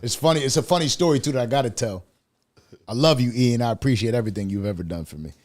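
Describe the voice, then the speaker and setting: A man's voice: mid-range voice, fast talker, a little mellow. A man hosting a casual podcast interview, telling stories animatedly and swearing freely. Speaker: podcast host.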